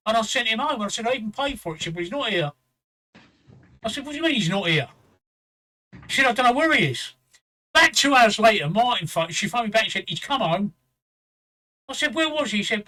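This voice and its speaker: A man's voice: high-pitched, pushed and bright, low-quality recording. A middle-aged English man hosting a casual chat, telling a rambling pub story with swearing and "right?" tags. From England. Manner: swearing, repeats "right?" as a tag; quotes others in a raised voice. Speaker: show host.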